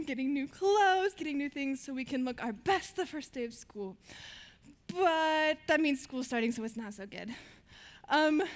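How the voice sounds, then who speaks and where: A teenage girl giving a stage talk to an audience, telling her stories in a bubbly way and laughing between lines. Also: high voice. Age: teens. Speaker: student speaker on stage. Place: stage before a live audience.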